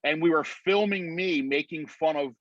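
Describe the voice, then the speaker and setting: Man, animated storyteller, slightly high voice, dry muffled call audio. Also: moderate pace, no echo. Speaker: guest. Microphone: video call.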